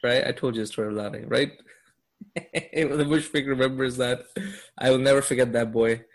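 A man with a mid-range, steady voice teaches a class on Quranic Arabic at a moderate pace. He quizzes his students throughout the lesson and stays upbeat, laughing often.

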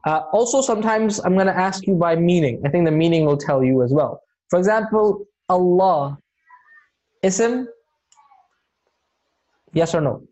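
A man teaching an Arabic grammar lesson in a mellow, warm voice. He explains patiently, one step at a time, and checks in often to encourage his students. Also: sits high, measured pace, pauses often. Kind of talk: online class teaching.

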